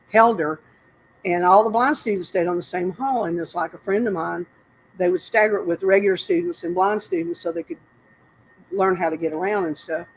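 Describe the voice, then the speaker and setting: In a casual, rambling interview, an older North Carolina woman tells stories as the guest, often breaking off to laugh. Her voice is fairly low, and the poor audio carries a little hiss or hum.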